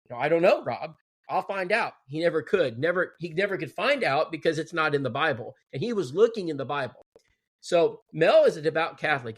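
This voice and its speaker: Guy telling his testimony, kinda high voice, acts out the quotes. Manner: animated, quoting others in dialogue. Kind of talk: casual storytelling.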